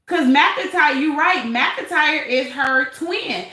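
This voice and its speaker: A woman hosts a live stream, reading out the chat and gossiping with sass and frequent laughter. Her voice sits a little high and sounds bright and sharp. The room around her is echoey. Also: takes it slowly. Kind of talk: casual live chat commentary.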